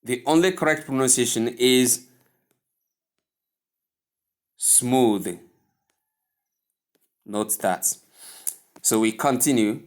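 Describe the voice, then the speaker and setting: A male pronunciation teacher with a Nigerian English accent speaks slowly and deliberately. He sets words side by side in a formal, classroom manner, his voice sitting at an ordinary middle pitch. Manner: formal, repeats words with careful contrasts. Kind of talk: slow deliberate pronunciation lesson.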